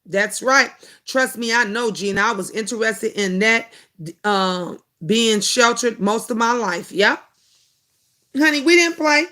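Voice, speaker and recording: A middle-aged woman hosting a casual live chat, answering viewer comments and telling animated family stories. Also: on the high side, measured pace. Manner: animated storytelling, acting out family quotes. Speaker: host of a live chat show.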